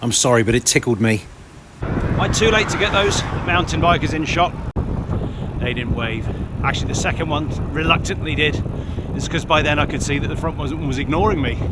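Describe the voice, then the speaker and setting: A man chats casually while riding his bike outdoors, grumbling in a wry, self-mocking way. His voice sits a bit high for a man. Loud road and wind noise roar around him, picked up by a camera on the bike. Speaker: cycling vlogger.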